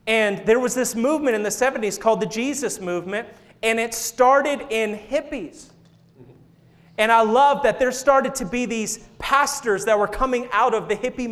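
Playful high-voiced man preaching a sermon. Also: a bit bright. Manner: playful, jokes and laughs with the congregation. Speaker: senior associate pastor. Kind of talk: sermon with storytelling. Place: church sanctuary.

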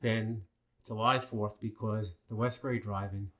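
An older man from Long Island, New York, telling stories in a casual chat, animated and full of fillers. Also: lowish voice, a little slow. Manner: animated storyteller with many fillers.

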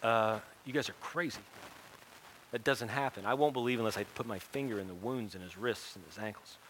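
A man's voice: fairly low pitch, fairly quick, a bit bright, a little hiss or hum, close to an everyday voice, poor audio. A man voicing a blunt, skeptical grown man who dismisses what he hears, in a sermon retelling. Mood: dismissive.

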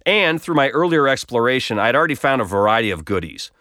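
A man's voice: medium pitch, very animated, fast, pushed and bright, no room sound, studio quality. A man telling a personal story in a wry, self-deprecating, conversational way. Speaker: blog storyteller.

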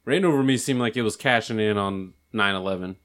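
A man's voice: lowish voice, a little fast, a bit bright. A man chatting casually with friends, swearing often, laughing a lot and slipping into mock voices. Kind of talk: casual chat among friends.

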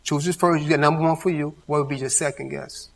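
A man's voice: a little high, steady tone, fast, gravelly. Man teaching Bible in a reverberant hall. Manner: call-and-response questions to the audience. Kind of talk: interactive church teaching. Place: church hall with audience.

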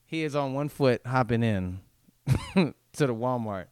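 A man with a smooth, resonant voice tells stories in casual podcast chat. His delivery is animated and profane, and he acts out the lines of the people in his stories. The sound is close and dry. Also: mid-range voice, unhurried, dry recording. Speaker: podcast guest comedian.

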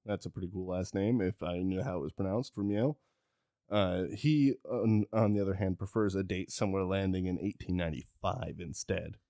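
A man's voice: sits low, brisk, dark tone, no echo, studio quality. A man hosting a casual podcast, rambling and joking as he tells a history, stumbling over names. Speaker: podcast host. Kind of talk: casual chat.

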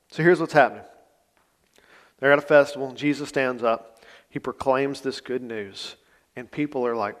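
With a steady tone, a moderate pace, and long pauses, a male pastor of medium pitch preaches in a conversational, folksy manner. He speaks plainly and adds folksy asides. The setting is a church sanctuary, heard with a long reverb.

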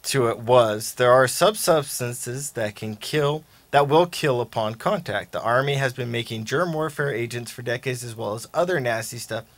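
Man, podcast co-host, easygoing movie talk, mid-pitched voice, dry sound. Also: normal speed, few pauses, a bit bright, no room sound. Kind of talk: casual movie chat.

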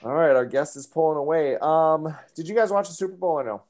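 A man's voice: a little high, lively intonation, a little fast, a little mellow. A man hosting a casual podcast and running a playful quiz game, teasing his guests. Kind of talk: casual chat.

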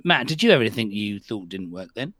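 A man's voice: lowish voice, very animated, a little fast, a bit bright, dry recording. A man co-hosting a podcast in casual chat, rambling and hesitant. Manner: rambling, hesitant, many restarts. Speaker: podcast co-host.

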